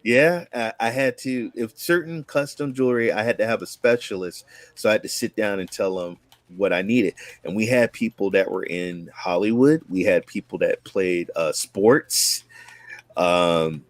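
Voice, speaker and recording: A fairly low male voice at a moderate pace, recorded with no echo. The speaker is a guest content creator in his forties from Oakland, California, casually rambling through his life story, often restarting and acting out quotes.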